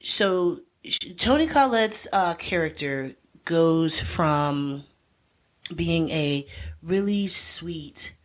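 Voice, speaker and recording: This is a chatty woman co-hosting a podcast, telling a film's story in a loose, rambling way full of fillers and asides. Her voice sits on the lower side for a woman. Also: expressive, very slow. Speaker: podcast co-host. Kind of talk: casual chat recapping a movie. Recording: podcast voice recording.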